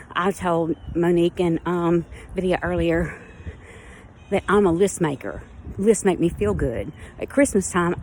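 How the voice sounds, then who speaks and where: Woman vlogging outdoors, a bit breathless, low-pitched, candid and rambling. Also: a little mellow, slight background noise. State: a little out of breath. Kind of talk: casual personal vlog.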